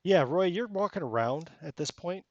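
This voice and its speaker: A man's voice: high-pitched, expressive, normal speed, a little mellow, no echo, lo-fi sound. A man running a tabletop game as game master, narrating casually and rambling with many fillers.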